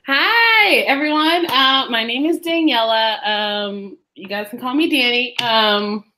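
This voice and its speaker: A woman's voice: a little high, slow, pushed and bright. A woman in her twenties from the US East Coast, a giggly podcast guest with lots of ums. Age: 20s. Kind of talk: casual chat.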